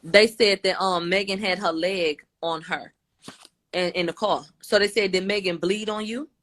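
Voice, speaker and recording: A woman's voice: medium pitch, fairly even intonation, normal speed, a bit bright. A woman on a phone livestream, casually retelling events and quoting each side back and forth. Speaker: livestream commentator. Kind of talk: casual recap of court testimony. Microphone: phone on a live video stream.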